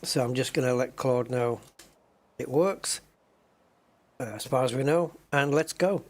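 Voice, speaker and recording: A man's voice: mid-range voice, unhurried, a little mellow. A man chatting casually with viewers while he plays a game at his desk, thinking aloud and humming to himself as he waits. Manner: chatty, addresses viewers as guys. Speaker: streamer playing a space game. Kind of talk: casual live-stream chat. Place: home desk with joystick.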